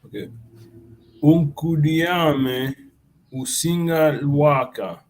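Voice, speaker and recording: A man in a language class, slowly and carefully repeating practice sentences. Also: a little high, a little mellow. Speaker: student.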